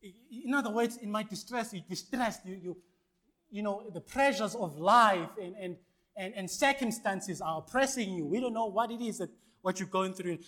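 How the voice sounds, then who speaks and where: A male pastor, preaching a sermon and calling out to the congregation for responses, with swings between loud and hushed lines. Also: high voice, moderate pace.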